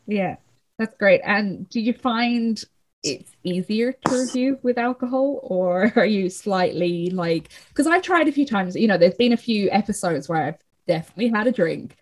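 A woman's voice: mid-range voice, animated, normal speed, darkish tone. A woman, hosting a casual podcast interview in a chatty way and laughing often. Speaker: podcast host.

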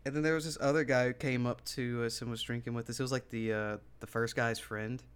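A man's voice: mid-range voice, fairly even intonation, a little fast, crowd noise. A young man co-hosting a podcast, telling a story casually with lots of swearing and laughter. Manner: laid-back, profane, laughs often. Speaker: podcast co-host.

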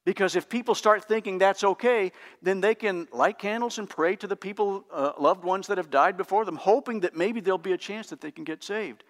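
Guy with a high voice preaching, earnest and emphatic, kind of teacherly. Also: a little fast, few pauses. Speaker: pastor. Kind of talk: sermon.

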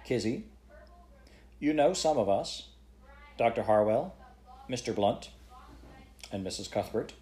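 A man voicing a patient older male court chairman who speaks gently but firmly, in measured phrases. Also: mid-range voice, expressive, lightly acted.

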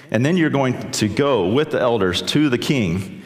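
A man's voice: medium pitch, animated, normal speed, big-room sound. A man preaching a sermon in a chatty, conversational way, often checking in with the listeners. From South Carolina, US. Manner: conversational, asks the audience with "right?". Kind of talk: sermon, retelling a scripture story.

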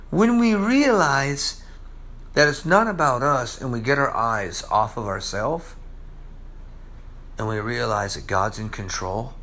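A man delivering a sermon with a slightly high voice. He reads a passage aloud, then explains it in his own words. His delivery keeps swinging between loud, emphatic bursts and low, hushed asides. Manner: reads scripture aloud and comments on it. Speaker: preacher.

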